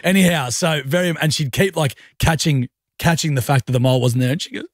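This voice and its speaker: A man's voice: on the high side, fast, hardly any pauses, no echo, clean studio sound. A man hosting a radio show, telling a funny story about home with self-mocking banter. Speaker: radio host. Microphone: studio mic.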